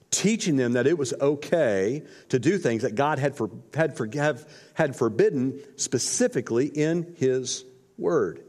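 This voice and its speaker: A man's voice: medium pitch, a little mellow. A man preaching a sermon, retelling scripture in a casual, slangy storytelling way. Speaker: pastor. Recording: long hall reverb.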